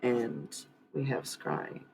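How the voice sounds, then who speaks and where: A woman's voice: very deep voice, animated, very slow, creaky, background noise. A woman hosting a livestream card reading in casual chat, blunt and swearing freely, talking back sharply.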